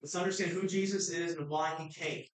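A woman pastor preaching a sermon, swinging between fervent shouts and quiet, low asides. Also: fairly even intonation, fairly quick, a little hiss or hum. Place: church sanctuary. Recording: very echoey hall, mic far off.

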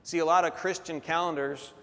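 Male pastor, high voice, emphatic call-and-response sermon, long hall reverb. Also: fairly even intonation, brisk, pushed and bright.

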